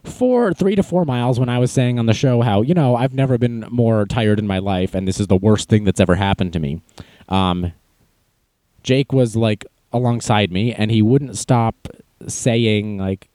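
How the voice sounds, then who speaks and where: A young man hosting a podcast, telling stories in a casual, self-mocking way and acting out quotes in a high voice. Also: animated, normal speed, dark tone, dry recording. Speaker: podcast host. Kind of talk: casual storytelling monologue.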